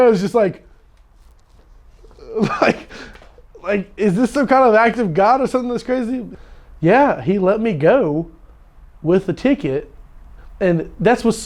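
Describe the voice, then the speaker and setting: A man's voice: fairly high pitch, a little mellow. A man casually telling a story, laughing often and repeating words as he goes. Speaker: storyteller guest.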